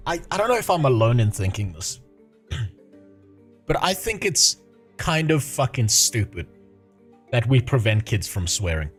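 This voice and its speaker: A man's voice: medium pitch, slightly rough. A man in his thirties, chatting loosely on a livestream. He swears constantly and breaks into laughter, his voice swinging up and down. Faint music plays behind him. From South Africa. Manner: profane, laughs often while talking. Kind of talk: casual chat.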